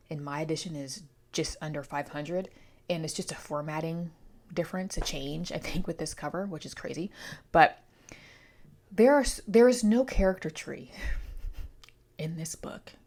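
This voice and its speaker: Female book vlogger, slightly low voice, stuffy from allergies, chatty and playful with rambling asides. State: congested from allergies. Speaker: book reviewer. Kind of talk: casual vlog book review.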